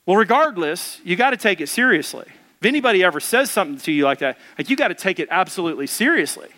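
Bright-voiced man preaching a sermon. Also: sits high, sing-song, fast. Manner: conversational preaching, asks the congregation questions. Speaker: pastor.

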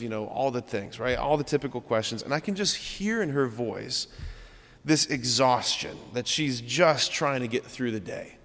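A man's voice: mid-range voice, a bit bright, big-room sound. A man in his thirties, a priest giving an earnest, conversational homily and asking rhetorical questions. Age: 30s. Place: church.

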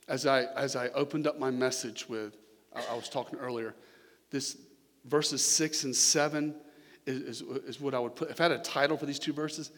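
A man preaching a verse-by-verse sermon, conversational, with repeated words and swings from loud emphasis to quiet. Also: mid-range voice, moderate pace. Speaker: pastor. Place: church sanctuary. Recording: long hall reverb.

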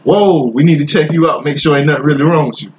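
A man voicing a calm, matter-of-fact paramedic. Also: fairly high pitch, quick pace, lo-fi sound, a little hiss or hum, close to an everyday voice.

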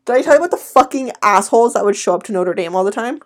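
A woman's voice: medium pitch, lively intonation, very fast. A young woman co-hosting a podcast, talking bluntly and swearing freely in casual chat. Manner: blunt, profane, laughs often. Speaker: podcast co-host.

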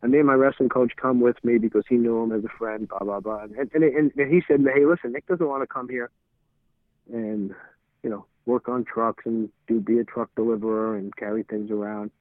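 Speaking fairly quickly in a steady, medium-pitched voice, a middle-aged man on an interview recounts stories in a loose, rambling way. He repeats words as he stumbles and acts out remembered exchanges. The sound is dry and thin, like phone audio.

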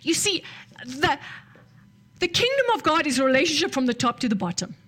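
A woman preaching a sermon, telling a story and dropping to soft near-whispers at tender moments. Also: sits high, very animated, fairly quick.

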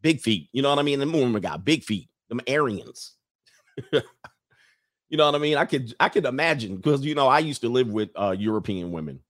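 A man hosting a casual livestream, riffing in loose slang and breaking into laughter again and again. His voice sits at an ordinary middle pitch, and the sound is dry and close with no room echo. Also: animated, a little fast. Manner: reads out viewer comments. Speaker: livestream host addressed as Coach. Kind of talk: casual comedic rant.

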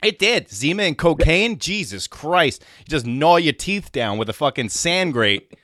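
A man's voice: on the high side, big pitch swings, a little slow, bright, forceful tone, no room sound, studio quality. A man hosting a podcast and telling a profane story with lots of energy. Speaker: podcast host. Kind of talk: casual storytelling.

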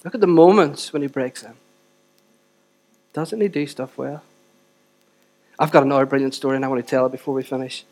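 A man preaching a sermon to a church congregation, swinging between loud exhortation and quiet, close moments, and often asking the audience rhetorical questions. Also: mid-range voice, steady tone, fairly quick, pauses often. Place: church service.

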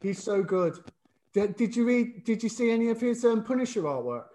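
A man's voice: sits high, lively intonation, moderate pace, mellow. A man from Britain hosting a casual podcast chat about comics, laughing often and playing with silly voices. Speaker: podcast host.

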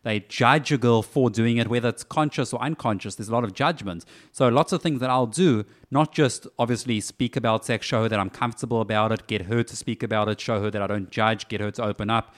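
A man who is a podcast guest and dating coach, explaining his methods step by step in a casual, animated way. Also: mid-range voice, fairly quick, few pauses. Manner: animated, breaks points into steps.

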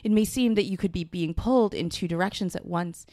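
A woman's voice: on the low side, fairly quick, warm tone, dry recording, clean studio sound. Giggly woman rambling through tarot readings. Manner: rambling, giggly, reads aloud from a tarot book. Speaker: podcast co-host reading tarot. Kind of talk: casual chat.

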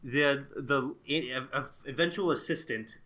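A young man co-hosts a casual movie review podcast in a bright, mid-pitched voice. He pauses often on "um" and delivers dry grumbles about the film. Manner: hesitant, many "um"s, dry complaints. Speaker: podcast co-host.

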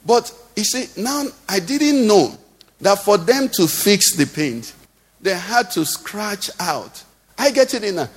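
A man's voice: sits high, sing-song, slow pace. A man with a Nigerian accent preaching a sermon, often putting questions to the congregation in a rising, singsong cadence. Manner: rhetorical questions to the congregation, sing-song cadence. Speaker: pastor. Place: church hall. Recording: long hall reverb.

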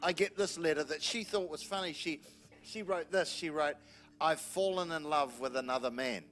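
A man's voice: fairly high pitch, normal speed. A man in his fifties with a New Zealand accent, a pastor telling funny, teasing stories at a church service. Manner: jovial, animated, teasing anecdotes. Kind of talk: humorous storytelling at church service.

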